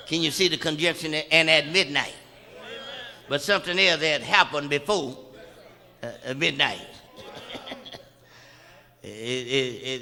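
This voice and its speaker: A man preaching a sermon, stammering through repeated words and building from quiet talk up to loud shouts. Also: a little high. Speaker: pastor. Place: church sanctuary. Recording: long reverb of a church hall.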